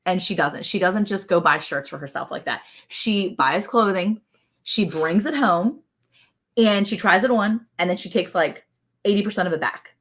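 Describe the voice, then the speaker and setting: A woman in her forties with a Southern drawl chats on a livestream. She is an animated storyteller who keeps stopping to greet viewers by name. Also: fairly low pitch, normal speed. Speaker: livestream co-host. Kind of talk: casual livestream chat.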